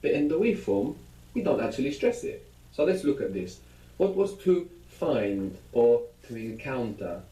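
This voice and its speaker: Guy teaching a language class, asks lots of questions, mellow tone, roomy echo. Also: mid-range voice, very animated, unhurried. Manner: patient, prompting with questions. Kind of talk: guiding a language lesson.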